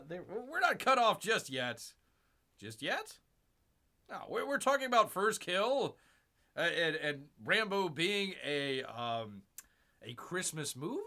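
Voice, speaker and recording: Rambling male livestream host, bright voice. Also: fairly high pitch, big pitch swings, unhurried. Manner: talks about himself in third person, rambling, many restarts. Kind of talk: casual live-stream chat.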